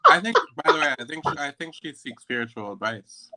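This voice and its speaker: A man's voice: mid-range voice, sing-song, brisk, crowd noise, rough recording. A man co-hosting a casual talk show, playful and teasing in conversation. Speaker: co-host. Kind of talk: casual chat.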